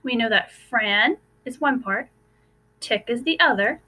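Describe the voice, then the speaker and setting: A young woman teacher giving a recorded phonics lesson to first graders, slowly sounding out letters and words. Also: on the high side, animated, sharp tone.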